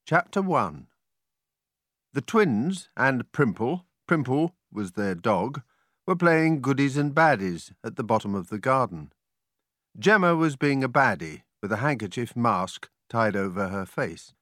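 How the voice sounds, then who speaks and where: A man reading a children's storybook aloud, with an animated, expressive delivery. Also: medium pitch, measured pace, no echo, studio quality. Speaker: audiobook reader.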